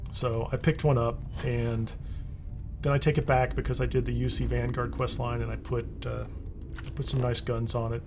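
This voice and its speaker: Relaxed man talking through a game. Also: mid-range voice, normal speed, music in the background. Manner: relaxed, rambling, with frequent restarts. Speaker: video game guide host. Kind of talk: casual gameplay commentary.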